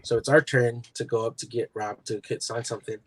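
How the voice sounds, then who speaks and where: A man's voice: mid-range voice, a little fast, no echo, rough recording. Storytelling man on a comics podcast. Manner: animated anecdotes, acts out quoted voices. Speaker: podcast host. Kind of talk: casual chat, storytelling.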